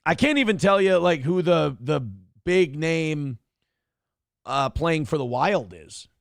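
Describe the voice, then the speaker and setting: A slow, gravelly man hosts a casual morning show. He rambles, thinks out loud and swears freely. His voice sits a bit high for a man and sounds dry and close to the mic. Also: lively intonation, dry recording. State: a little out of breath. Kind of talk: casual live-stream chat.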